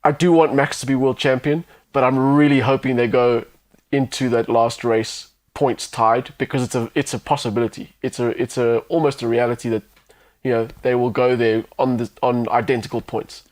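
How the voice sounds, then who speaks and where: A male co-host on a sports talk show, chatting casually and quickly agreeing with the host. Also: mid-range voice, little pitch movement, darkish tone. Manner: quick, agreeable, back-channelling.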